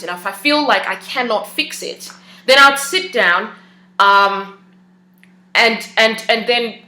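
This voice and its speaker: A woman with a bright, clear voice talks in a relaxed, personal way. She often hesitates and restarts her sentences. The room around her rings with a noticeable echo. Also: mid-range voice. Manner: conversational, hesitant, many fillers and restarts. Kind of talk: casual personal talk. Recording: echoey room.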